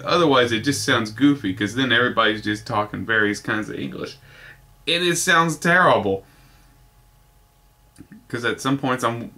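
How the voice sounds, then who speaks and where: A man's voice: mid-range voice, pushed and bright. A young man casually reviewing an old kung fu DVD in a rambling, offhand way with exasperated asides. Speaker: movie reviewer.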